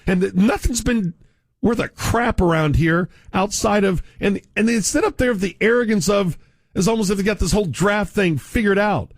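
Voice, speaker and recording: A man's voice: high voice, normal speed, no room sound, studio quality. Furious man ranting on radio. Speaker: sports radio host. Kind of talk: angry radio rant. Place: radio studio. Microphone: studio microphone.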